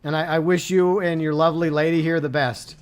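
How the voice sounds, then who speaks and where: A high-pitched man talks over a live game stream. He jokes in a mock-sentimental tone and then bursts into loud, outraged exclamations. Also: level tone, brisk, smooth. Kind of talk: live gameplay commentary.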